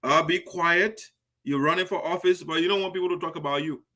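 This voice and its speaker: A man's voice: on the high side, steady tone, rapid-fire, fairly bright tone. A man hosting a radio show and giving indignant, emphatic political commentary with frequent restarts. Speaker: host of a diaspora radio show.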